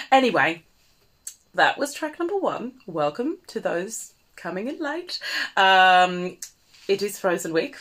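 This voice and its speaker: A woman's voice: medium pitch, sing-song, takes it slowly, long pauses, a bit bright. An Australian woman, an operatic mezzo soprano, chatting playfully and self-mockingly between songs on a home livestream. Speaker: cabaret singer and livestream host.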